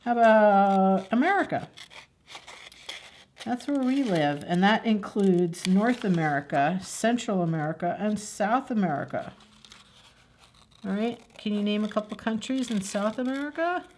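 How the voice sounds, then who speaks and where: Slow, chatty woman leading a kids' craft. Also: mid-range voice, lively intonation, darkish tone, slight background noise. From New Jersey. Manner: chatty, asks children questions. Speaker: children's story time host. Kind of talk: craft demonstration for children.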